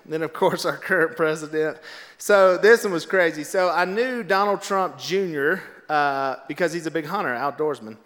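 A middle-aged man telling a casual anecdote, animated and acting out the voices of the people in it. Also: a little high, normal speed, long reverb tail. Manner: animated, acts out quoted voices. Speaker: storyteller. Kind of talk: casual anecdote, told to a laughing audience.

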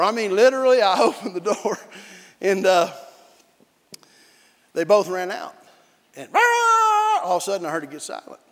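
A man preaching a sermon as pastor, telling a lively story with barking dog imitations. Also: high voice. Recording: long reverb of a large hall.

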